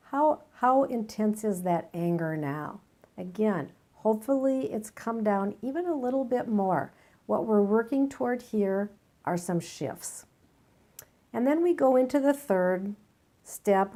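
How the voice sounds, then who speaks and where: A woman coaching viewers through tapping, explaining each step in a gentle, measured way. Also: medium pitch. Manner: gentle, measured, demonstrates points as she speaks. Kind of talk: calm step-by-step instruction.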